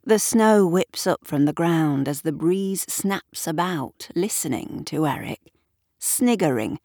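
A woman reading a story aloud in a measured, wry storybook narration. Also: low-pitched, lively intonation, dark tone, dry recording, studio quality. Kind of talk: scripted narration.

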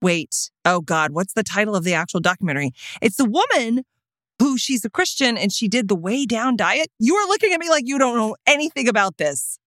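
A woman's voice: fairly high pitch, animated, fairly quick, a bit bright, no echo, studio quality. A woman in her thirties co-hosting a podcast in casual chat, playful and teasing, laughing often. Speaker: podcast co-host.

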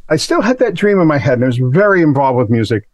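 Speaking fast and very animatedly, this middle-aged Massachusetts man has a voice on the high side, recorded with no room sound. He is a recording engineer from Massachusetts, USA, guesting on a casual podcast interview, where he rambles through stories with self-deprecating humor.

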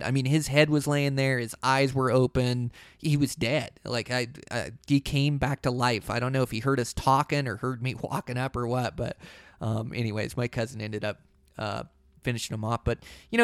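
A man's voice: medium pitch, clean tone, no room sound. Dry-voiced man telling a hunting story. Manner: rambling, full of "you know" and "like". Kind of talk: casual storytelling.

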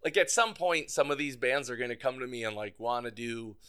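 A man's voice: medium pitch, fairly quick, bright, forceful tone, clean tone. A man as an interview guest, telling a casual, rambling story with lots of fillers and frequent laughs. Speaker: guest, band's tour manager.

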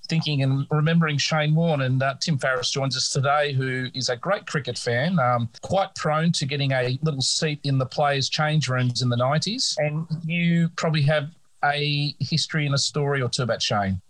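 A man hosting a podcast interview, speaking in a measured, slightly formal way. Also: fairly high pitch, fairly bright tone, dry recording, poor audio. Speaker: podcast host.

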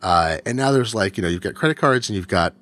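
A man's voice: fairly low pitch, lively intonation, quick pace, fairly bright tone. A man co-hosting a tech podcast in casual chat, rambling with jokey asides.

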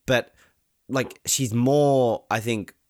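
A man in casual podcast banter with a mid-pitched voice. He rambles, restarts and leans on sarcasm. The mic is close and the sound dry. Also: fairly even intonation, drawn-out words, a little mellow, dry recording. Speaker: podcast co-host. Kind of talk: casual chat.

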